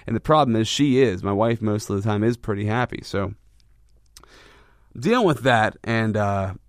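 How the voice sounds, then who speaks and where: A man's voice: fairly low pitch, expressive, moderate pace, no room sound, studio quality. A man hosting a podcast, talking candidly and self-reflectively about his own frustrations, with a rambling delivery full of restarts. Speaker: podcast host. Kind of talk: candid personal monologue.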